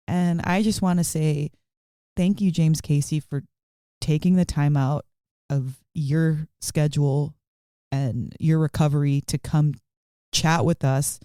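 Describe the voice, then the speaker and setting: Woman, podcast co-host, earnest and effusive, mellow smooth voice. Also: deep voice, steady tone, slow pace, no room sound, clean studio sound. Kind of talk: casual chat.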